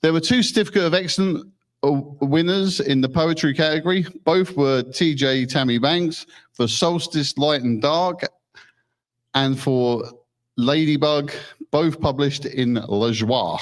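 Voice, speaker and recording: A man's voice: fairly high pitch, measured pace. A man presenting awards at a ceremony, reading winners in a joking, giggly way and often stumbling over words.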